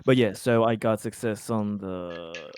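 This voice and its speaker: A man playing a tabletop game, casual and animated, quick to laugh and swear. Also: on the low side, clean tone. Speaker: player.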